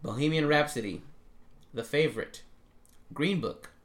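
A man hosting a casual podcast chat, running through nominees in a relaxed way, laughing often and swearing freely. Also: fairly high pitch, a little slow. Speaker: podcast host.

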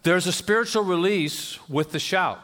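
A pastor preaching a sermon, telling conversational, self-deprecating stories. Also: male voice, sits high, moderate pace, fairly bright tone. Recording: long reverb of a church hall.

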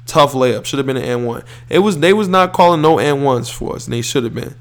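A man's voice: mid-range voice, a little fast, vocal fry. A young man hosting a podcast, retelling a basketball game in casual, boastful, profane slang, correcting himself as he goes. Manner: animated, boastful, profane, restarts and self-corrections. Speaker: podcast host. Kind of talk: casual storytelling.

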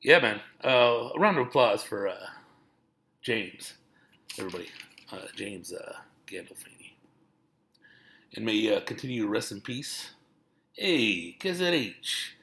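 A man's voice: fairly low pitch, animated, measured pace, long pauses, pushed and bright. A man hosting a podcast in an easygoing, laid-back way. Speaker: podcast host.

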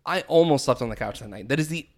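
Man, mid-pitched, animated and self-mocking, casual storyteller. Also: quick pace. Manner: animated, self-mocking, acts out his own quotes.

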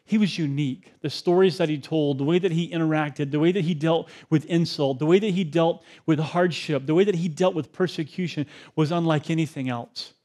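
A man's voice: fairly high pitch, fairly quick, hardly any pauses, a little mellow. A man preaching a sermon as pastor, talking in a conversational way with joking asides.

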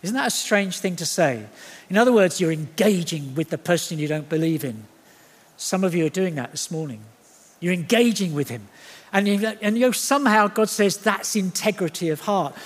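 A man preaching a sermon in church, animated and jokey, acting out the voices he quotes. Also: high voice, moderate pace. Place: church hall. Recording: long hall reverb.

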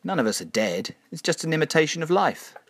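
Male reader as a smoky, purring old-Hollywood woman. Raised pitch, dry close sound. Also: big pitch swings, brisk, fairly bright tone, husky, no room sound, full character voice. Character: seductive aging female film star at a party.

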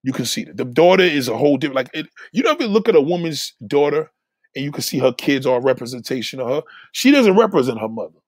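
Man, blunt opinionated host, husky voice that swings up and down, close and dry. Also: mid-range voice, big pitch swings, fast talker, dry recording. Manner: blunt and heated, swears a lot, repeats words. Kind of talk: casual opinionated rant.

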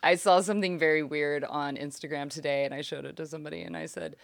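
A woman's voice: low-pitched, animated, quick pace, creaky, no echo. A woman in casual podcast chat who tells rambling stories and laughs often.

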